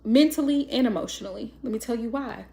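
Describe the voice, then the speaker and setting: Animated higher-voiced woman tarot reader. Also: quick pace, gravelly. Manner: emphatic, acts out quoted dialogue. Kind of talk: casual spoken tarot reading.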